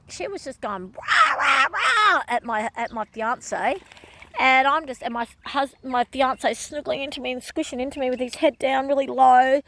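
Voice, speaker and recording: A woman's voice: mid-range voice, a bit bright, no room sound. Emphatic woman telling a personal story. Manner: emphatic, repeats phrases over and over. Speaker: vlogger. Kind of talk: emotional personal monologue.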